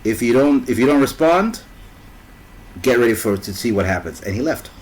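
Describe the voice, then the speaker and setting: A man spins a long, winding story in casual chat. He often pauses to hunt for a word and slips into the voices of the people he describes. His voice sits at an ordinary mid pitch. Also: expressive, darkish tone, slight background noise, poor audio. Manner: rambling, fills gaps with "what's it called".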